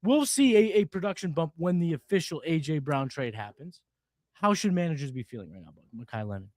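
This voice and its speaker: Male co-host, slightly high, energetic banter, dry close sound. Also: a little fast, no room sound. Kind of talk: live draft coverage chat.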